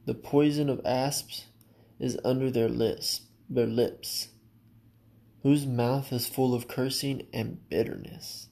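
A man's voice: mid-range voice, steady tone, takes it slowly, gravelly, dark tone. A man preaching a sermon in an earnest, direct way, often addressing listeners as his friend.

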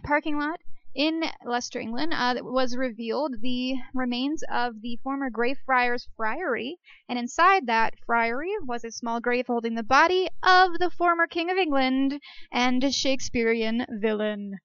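Woman host, high voice, smooth and clear, chatty jokey asides, dry muffled recording. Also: a little slow, a bit bright, dry recording. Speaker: podcast host. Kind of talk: casual educational monologue.

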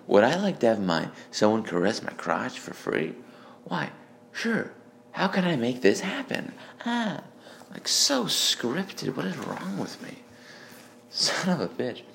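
A man's voice: mid-range voice, big pitch swings, unhurried, creaky, a bit bright, slight background noise. A man alone with a phone voice memo, reading his old joke notes aloud, rambling, swearing and mocking himself. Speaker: amateur comedian.

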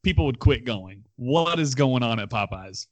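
A man's voice: medium pitch, lively intonation, normal speed, no echo. A man hosting a casual talk show, steering the segment and teasing his co-hosts. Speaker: host. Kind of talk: casual radio chat.

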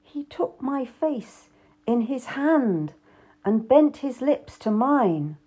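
A woman's voice: sits high, big pitch swings, slow pace, warm tone, husky. A woman narrating a historical novel in the first person, reading expressively. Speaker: audiobook narrator.

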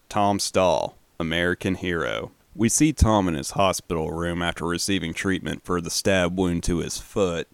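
Casting: relaxed male film commentator, deep, smooth and resonant, casual and profane. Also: no room sound. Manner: relaxed, swears casually, uses fillers. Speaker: film recap host.

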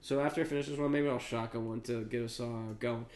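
A man's voice: medium pitch, fairly even intonation, fast, a little mellow. A congested man co-hosting a podcast, rambling casually with many restarts and some swearing. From Long Island, US. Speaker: podcast co-host. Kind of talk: casual chat about fights. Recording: echoey room.

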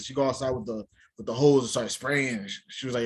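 A man in casual chat, rambling and slangy, quick to laugh. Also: medium pitch, animated, a bit bright, husky.

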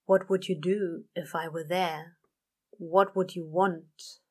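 A woman voicing a nervous male demon who talks softly and breathlessly. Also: fairly low pitch, fairly even intonation, slow pace, breathy edge. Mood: pleading. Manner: soft, breathless and murmured.

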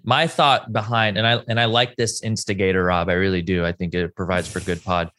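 A man's voice: sits low, fairly even intonation, a little fast, fairly bright tone. A man co-hosting a podcast in casual chat, upbeat and asking probing questions. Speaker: podcast co-host.

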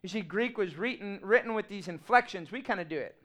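A man, preaching a sermon in an animated, humorous and emphatic way. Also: high-pitched, fast. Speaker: pastor.

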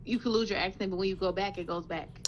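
A woman's voice: mid-range voice, steady tone, fast, dull audio, slight background noise. A woman co-hosting a podcast in casual chat, making short dry wisecracks. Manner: dry, wisecracking, brief remarks. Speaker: podcast co-host.

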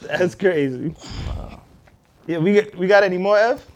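A man's voice: high-pitched, unhurried. A man co-hosting a casual podcast, teasing the others and giggling. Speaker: podcast co-host.

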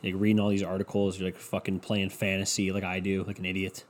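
A man's voice: low voice, monotone, fast talker. Man, casual podcast host, profane, rambling, mocking imitations. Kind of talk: casual solo monologue.

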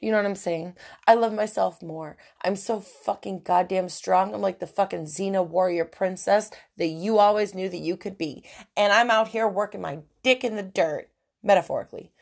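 Gravelly, profane woman venting on a podcast. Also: mid-range voice, normal speed. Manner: profane, blunt, emotional, swinging between rants and quiet asides. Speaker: podcast host. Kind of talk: candid solo podcast monologue.

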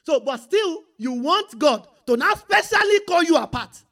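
A high-pitched woman delivers an animated sermon. She reads scripture aloud and breaks off to call out to her listeners, checking that they are following. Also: normal speed. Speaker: preacher.

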